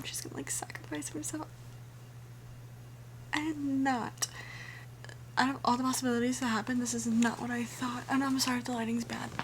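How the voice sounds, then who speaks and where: A young woman vlogging her reactions to a fantasy series, excitable and often dropping to a whisper. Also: fairly high pitch. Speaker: book vlogger. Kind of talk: casual reading reactions. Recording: faint background noise.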